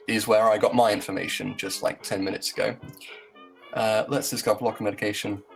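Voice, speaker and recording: A man with a lowish voice reads his blog post to a group on a video call. He breaks up the text with sarcastic jokes and quick asides. Faint music sits behind him. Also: a bit bright, rough recording. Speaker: host.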